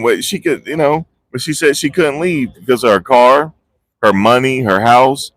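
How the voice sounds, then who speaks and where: A man vlogging live outdoors, talking in a rambling, excitable way and losing his train of thought. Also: medium pitch, moderate pace, no room sound. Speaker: vlogger reporting on a trial. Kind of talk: live casual street commentary. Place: outdoors outside a courthouse. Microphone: phone on a handheld gimbal.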